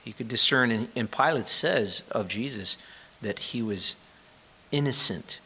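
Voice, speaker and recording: A man's voice: medium pitch, unhurried, sharp tone, slightly rough. A man preaching a sermon, reading scripture aloud and explaining it in a conversational way, sometimes asking the listeners questions. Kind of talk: sermon, Bible teaching.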